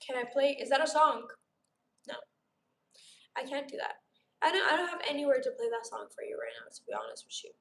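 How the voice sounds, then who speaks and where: A woman's voice: high voice, huge pitch swings, brisk, long pauses, a bit bright. A young woman from Romania with a sore throat, hosting a casual live stream and gushing as she chats back to viewers. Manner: bubbly, gushing, chatty, replying to chat aloud. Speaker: livestream host. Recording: roomy echo.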